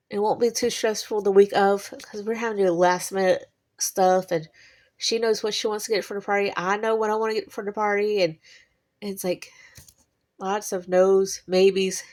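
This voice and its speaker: A woman's voice: mid-range voice, fairly even intonation, moderate pace, a little mellow. A woman, chatting in a rambling personal monologue and laughing between thoughts. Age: 40s. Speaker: vlogger.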